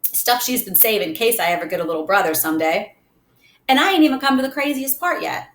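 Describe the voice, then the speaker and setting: A woman's voice: fairly high pitch, lively intonation, fast talker, close to an everyday voice. A woman doing a brash, slangy street kid. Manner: slangy, boastful. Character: tough streetwise boy, brash and teasing. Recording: roomy echo.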